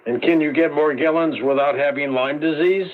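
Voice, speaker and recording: A male radio host with a slightly high voice sets up callers and pushes his guest with brisk, leading questions. The audio is thin and tinny, like an old broadcast. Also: fairly even intonation. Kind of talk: radio call-in interview.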